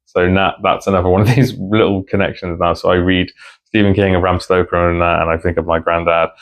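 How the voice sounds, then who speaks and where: Low, flat-voiced man chatting. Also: fairly quick. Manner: rambling, heartfelt. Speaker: book vlogger. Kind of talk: casual chat to camera.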